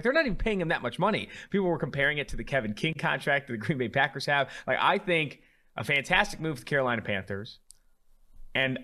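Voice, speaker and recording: A man co-hosting a sports podcast, chatting loosely and excitably and swearing casually. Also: mid-range voice, fast talker. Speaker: podcast co-host.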